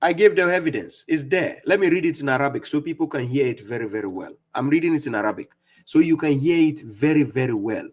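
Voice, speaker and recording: A man giving scolding religious commentary on a live stream, mocking opponents and reading verses slowly. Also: on the high side, animated. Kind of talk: preaching commentary on played clips.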